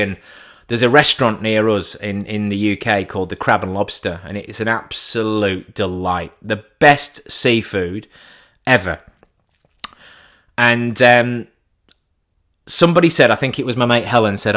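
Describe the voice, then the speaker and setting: A man's voice: lowish voice, a little slow, fairly bright tone. Cheeky man telling an anecdote. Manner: cheeky, swearing, acts out dialogue. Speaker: storyteller. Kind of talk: casual anecdote.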